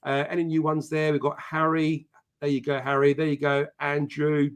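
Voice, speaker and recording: A man's voice: fairly high pitch, monotone, moderate pace, smooth. A man hosting a casual live-stream podcast, swearing freely and greeting viewers by name. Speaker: podcast host.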